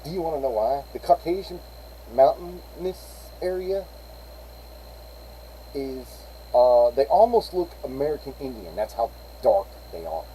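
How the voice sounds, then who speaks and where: A man's voice: mid-range voice, expressive, unhurried, dark tone, a little hiss or hum, low-quality recording. A middle-aged man, rambling through a casual story on a live stream and acting out the people he quotes.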